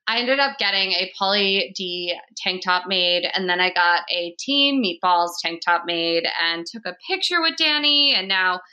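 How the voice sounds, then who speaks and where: A woman's voice: on the low side, expressive, moderate pace, few pauses, bright, forceful tone, dull audio. A young woman hosting a podcast, chatting casually with lots of "like" and laughter. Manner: chatty, heavy use of "like", frequent laughter. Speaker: podcast host.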